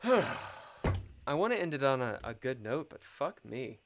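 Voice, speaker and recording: A man's voice: mid-range voice, very animated, slow pace. Frustrated man muttering over a chess game. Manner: frustrated, swearing, self-critical muttering. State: thirsty, dry-mouthed. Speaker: chess streamer. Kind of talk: live chess commentary.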